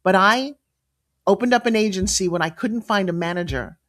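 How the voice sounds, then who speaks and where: A woman in her fifties telling her story as a guest, lively and confiding, acting out quotes and dropping into whispers. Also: medium pitch, fast. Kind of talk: animated storytelling chat.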